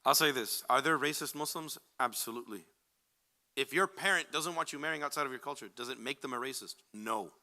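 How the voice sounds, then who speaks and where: A man, addressed as Sheikh, giving casual, animated advice to a young audience, acting out quoted people with jokes. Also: mid-range voice, brisk. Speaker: Islamic speaker answering questions.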